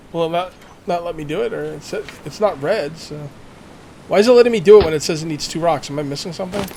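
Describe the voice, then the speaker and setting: A man's voice: fairly high pitch, slight background noise. A man casually commenting while playing a survival game, thinking aloud and making jokey asides. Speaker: let's play gamer.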